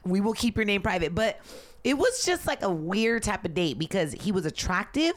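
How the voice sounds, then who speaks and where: A woman's voice: medium pitch, normal speed, a little hiss or hum. A woman co-hosting a podcast in casual chat. She tells stories with energy and acts out what other people said. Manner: lively storytelling, acts out others' lines; says she is loud. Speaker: podcast co-host.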